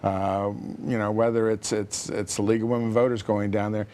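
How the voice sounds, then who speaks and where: A man's voice: fairly low pitch, little pitch movement, fairly quick, darkish tone. A man speaking as a guest on a TV panel discussion, hesitant and full of restarts.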